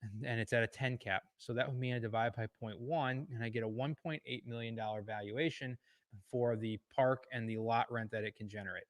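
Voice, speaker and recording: A man's voice: mid-range voice, steady tone, fairly quick, no room sound. A man from Illinois giving a loose, conversational lesson on valuing property, with many fillers and self-corrections. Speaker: real estate educator. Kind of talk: casual teaching talk. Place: indoor room with a board.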